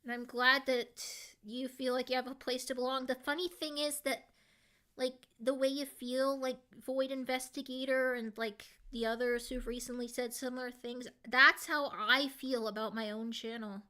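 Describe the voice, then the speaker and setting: Bright-voiced woman streamer chatting with viewers. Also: sits high, level tone, moderate pace. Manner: reads viewer comments aloud and answers them, heavy use of "like"; earnest, heartfelt. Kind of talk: casual live-stream chat.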